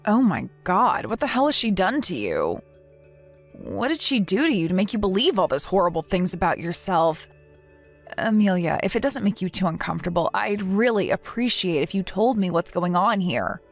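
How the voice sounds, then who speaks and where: Text-message story: a woman playing a caring, outspoken young woman, firm and reassuring, mid pitch. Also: very animated, normal speed, faint music behind.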